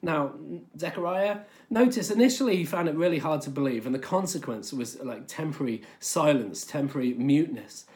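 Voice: medium pitch, animated, fairly quick, a little mellow. A preacher giving a sermon in a conversational, storytelling way, often using filler words.

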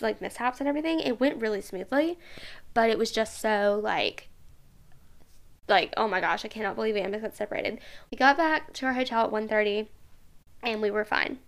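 A woman's voice: on the high side, vocal fry, fairly bright tone. A young woman hosting a podcast, telling a personal story in a chatty way, with many fillers and frequent laughter. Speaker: podcast host. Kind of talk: casual storytelling monologue.

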